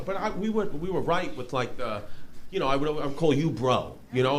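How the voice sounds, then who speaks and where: A man's voice: a little high, big pitch swings, brisk. A man doing a stand-up set on a club stage, rambling through stories and bantering with the audience in a self-mocking way. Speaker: stand-up comedian. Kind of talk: stand-up set with crowd work. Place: comedy club stage before a laughing crowd. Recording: live club audio with crowd laughter and noise.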